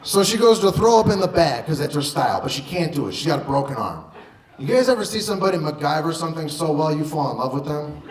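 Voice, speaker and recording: A man's voice: fairly high pitch, big pitch swings, fast. Brash stand-up comedian man, roomy club. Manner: loud, punchy delivery with profanity and acted-out quotes. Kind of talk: stand-up storytelling. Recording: roomy club sound with audience noise.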